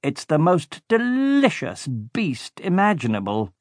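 A man voicing a cruel, bossy villainous baron who gloats slowly and bellows insults at his henchmen. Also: on the high side, huge pitch swings, no room sound, clean studio sound, voice pushed up, heavily acted. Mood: gloating. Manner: slow, gloating, shouts insults.

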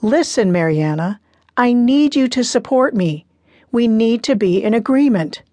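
A woman's voice: fairly high pitch, expressive, a little slow, warm tone, dry recording. A woman narrator voicing a stern, firm middle-aged father in an audiobook, speaking insistently. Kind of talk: audiobook character reading.

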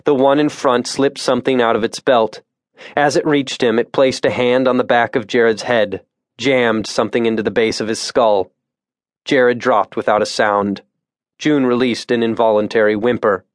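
A man reading a suspense thriller audiobook in a measured, tense narration voice on a close studio mic. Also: medium pitch, fairly even intonation, no room sound. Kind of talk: scripted narration.

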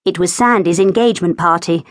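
A woman narrating a novel in an expressive, storytelling manner in a studio. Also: lowish voice, a little fast, no echo. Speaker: audiobook narrator. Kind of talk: scripted audiobook narration. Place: recording studio. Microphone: close studio mic.

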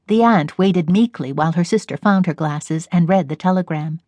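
A woman with a rather low voice narrates a classic novel as an audiobook, using a measured, even storytelling style. There is no room sound.

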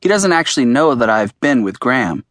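A man's voice: mid-range voice, big pitch swings, brisk, fairly bright tone, no echo. A man narrating an audiobook in the first person, in a plain, earnest storytelling manner.

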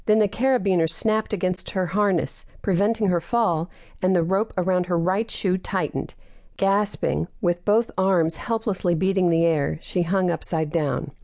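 A woman narrating a novel as an audiobook, reading in a steady, even manner. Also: lowish voice, normal speed, no echo, studio quality. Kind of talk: scripted narration.

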